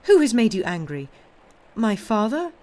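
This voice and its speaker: Woman doing a high, anxious young woman, pleading questions, storybook reading. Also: expressive, moderate pace, darkish tone, natural voice.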